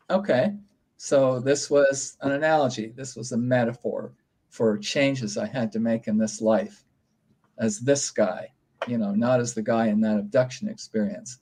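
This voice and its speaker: A calm, matter-of-fact man from Canada speaking as an interview guest. He talks in a measured way at an ordinary pitch. His tone stays level as he explains things. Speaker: guest author. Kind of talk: casual interview chat.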